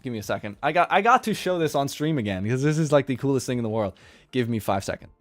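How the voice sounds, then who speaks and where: A man chatting casually on a live stream while he draws manga, rambling and quick to laugh at his own jokes. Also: mid-range voice, animated. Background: faint music playlist.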